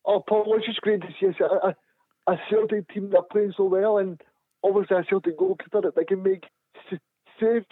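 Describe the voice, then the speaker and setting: A man's voice: high voice, no room sound. A man calling into a radio phone-in, enthusiastic and stumbling over his words, heard over a phone line. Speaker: caller. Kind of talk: phone-in call. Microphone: telephone.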